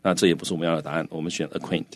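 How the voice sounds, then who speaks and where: A man teaching English vocabulary in a bilingual lesson, patient and steady, with frequent filler sounds and slowed English terms. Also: low voice. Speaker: English teacher explaining in Chinese.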